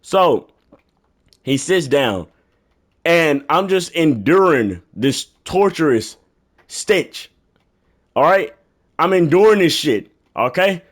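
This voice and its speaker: A young man telling a comedic rant story, profane and exasperated, sometimes bursting into yelling. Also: fairly high pitch, very animated, takes it slowly, long pauses.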